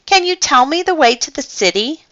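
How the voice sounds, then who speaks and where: A woman's voice: high-pitched, lively intonation, normal speed, pushed and bright, dry recording, lo-fi sound, voice pushed up. A woman voicing an elegant, polite mother cat in a storybook read-aloud. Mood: genteel. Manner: polite, genteel.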